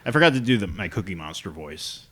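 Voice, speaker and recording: A man's voice: low voice, very animated, fast, fairly bright tone, husky. A man co-hosting a podcast in casual chat, telling rambling stories with chuckles. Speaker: podcast co-host.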